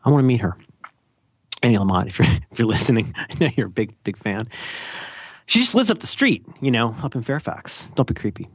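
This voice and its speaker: A man's voice: medium pitch, sing-song, a little fast, husky, no room sound, studio quality. A man co-hosting a podcast in a casual, rambling, jokey way, with self-deprecating asides. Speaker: podcast co-host.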